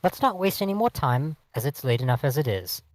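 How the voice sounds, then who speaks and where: A strict woman professor, read by a man, speaks in a lowered voice. Her words are clipped and formal, and the sound is close and dry. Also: very animated, a little fast, darkish tone, no room sound, close to an everyday voice. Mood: stern.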